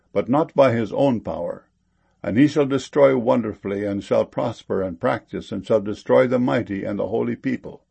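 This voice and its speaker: A man giving a solemn scripture reading in a slow, measured way. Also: mid-range voice, vocal fry, dark tone, husky. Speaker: scripture reader.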